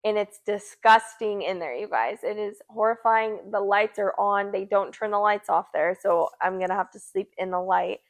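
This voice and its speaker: A woman's voice: mid-range voice, moderate pace, few pauses. A young woman co-hosting a podcast, telling a story casually and acting out the people in it. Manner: animated, acts out quoted voices. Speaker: podcast co-host.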